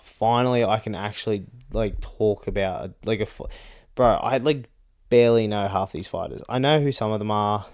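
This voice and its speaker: A young man delivers casual fight predictions in a blunt, rambling way, swearing freely and filling his talk with "like" and "bro". His voice sits a little low, smooth and clear.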